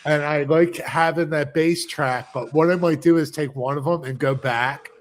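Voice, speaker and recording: A man with a slightly high voice talking on a casual live chat show. He is chatty and insistent and laughs easily. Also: moderate pace.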